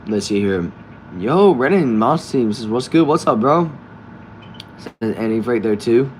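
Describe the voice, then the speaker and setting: A man casually hosting a live stream from a backyard shed, reading viewers' comments aloud and answering them in a relaxed way. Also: medium pitch, unhurried, slight background noise. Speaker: livestream host reading chat.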